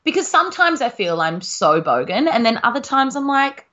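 A woman's voice: on the high side, sing-song, moderate pace, sharp tone, muffled recording. A woman with a broad, laid-back Australian accent, co-hosting a podcast in casual, laughing chat. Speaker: podcast co-host.

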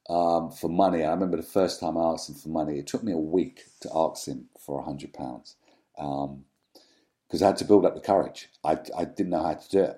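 Guy, low mellow voice, guest on an interview, thoughtful, lots of ums and restarts. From London, England. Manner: reflective, halting, many ums and restarts. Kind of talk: candid personal storytelling in an interview.

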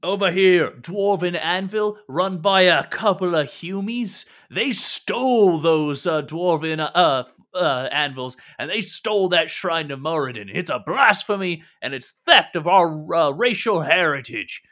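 A man voicing an angry dwarf protester who shouts and jeers in a tabletop game. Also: on the high side, measured pace, hardly any pauses, pitched above the performer's own voice. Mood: angry jeering. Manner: shouting, jeering.

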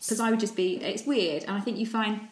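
A woman's voice: medium pitch, brisk. A woman, a parenting blogger chatting casually and acting out stories with quoted voices. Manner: animated storyteller, acts out quotes, laughs often. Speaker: podcast host, parenting blogger. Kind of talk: casual chat. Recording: roomy echo.

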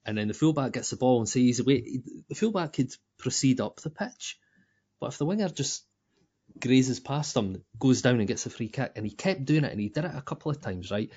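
A Scottish man talks football with a fan's glee, sweary and quick to laugh. His pitch sits mid-range for a man. The audio is a touch muffled and lo-fi. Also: slightly rough. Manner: sweary, laughing, animated banter. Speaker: podcast co-host. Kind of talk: casual football chat.

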